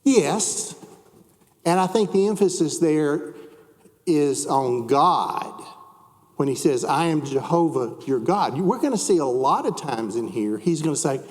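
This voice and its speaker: A man's voice: on the high side, big pitch swings, unhurried, in a large hall. A man teaching a church Bible class, chatting with the class, asking them questions and reading scripture aloud.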